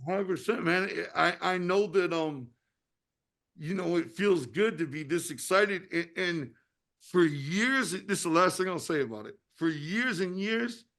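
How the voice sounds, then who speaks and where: A man's voice: high voice, expressive, measured pace, a bit bright. A man in his fifties hosting a casual talk show, speaking with passion and frequent swearing, often asking "you know what I mean". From United States. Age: 50s. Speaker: podcast host and wrestling promoter. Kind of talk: casual chat.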